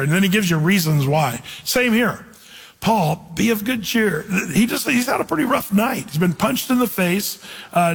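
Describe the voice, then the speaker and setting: A man, a pastor, teaching through a Bible passage in a lively, conversational way and reading verses aloud. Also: on the high side. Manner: animated, conversational, reads scripture aloud. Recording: reverberant hall.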